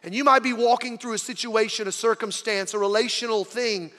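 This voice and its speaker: A man preaching a sermon as pastor, telling a story dramatically, swinging from loud calls to hushed words. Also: sits high, fairly quick, long reverb tail.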